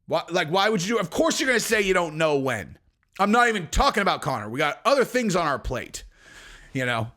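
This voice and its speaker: A man hosting a channel of MMA commentary, ranting casually and animatedly to his viewers, swearing freely and spinning theories. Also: high-pitched. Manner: animated, profane, speculative, talks straight to viewers.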